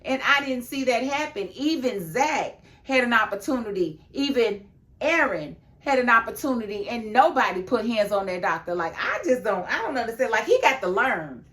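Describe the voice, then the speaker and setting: A woman records a casual video review of a TV episode. She talks emphatically and laughs often, then slips into a low, confiding tone. Her voice sits a little higher than most. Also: normal speed. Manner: emphatic and animated, with frequent laughs; chatty, drops into a low, confiding tone.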